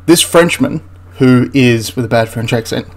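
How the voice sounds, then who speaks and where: A man's voice: medium pitch, normal speed. A man hosting a history channel, ranting through a film critique in an exasperated, rambling way with frequent restarts.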